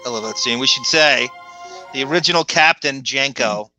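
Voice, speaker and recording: A man with a Long Island accent, co-hosting a podcast in a rambling, chuckling way that drifts into quick impressions. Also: medium pitch, sharp tone, faint music behind, low-quality recording. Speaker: podcast co-host. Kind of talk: casual commentary chat.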